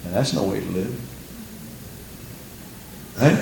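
A man's voice: on the low side, animated, measured pace, gravelly, pauses often, roomy sound, slight background noise. A man preaching a sermon with a sing-song cadence, repeating phrases and quoting scripture in old biblical wording.

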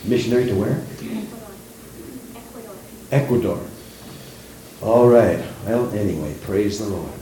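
A man's voice: fairly low pitch, a little slow, pauses often, mellow, distant mic, slight background noise. A middle-aged male preacher delivering a sermon in a church, preaching with rising emphasis and acting out the voices of people he quotes. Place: church sanctuary. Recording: very echoey church room.

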